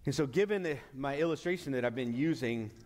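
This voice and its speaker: A man's voice: mid-range voice, a little fast, a little mellow. A man preaching a sermon as pastor, earnest, often restarting and stretching out key words for emphasis. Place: church sanctuary. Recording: long hall reverb.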